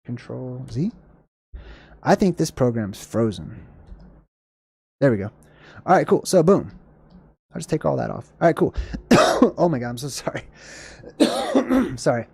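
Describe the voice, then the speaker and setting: A man hosting a livestream, answering chat questions in a casual, rambling way, often searching for words and correcting himself, with a slightly hoarse voice. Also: medium pitch, sing-song, a little slow, pauses often, darkish tone, no room sound, clean studio sound.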